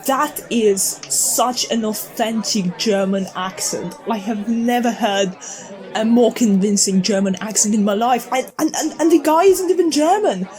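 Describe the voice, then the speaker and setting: A woman's voice: fairly high pitch, unhurried, darkish tone, close to an everyday voice. A young woman playing a scatterbrained theatregoer in a comic sketch, rambling and tripping over her words. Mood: excited.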